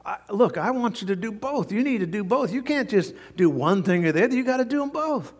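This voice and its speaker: A man's voice: sits high, animated, fairly quick, breathy edge, big-room sound, voice pushed up. A man voicing a stressed sales director who snaps at his assistant in a raised, insistent voice. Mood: snappish. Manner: snappish, insistent. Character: stressed male sales director snapping at staff.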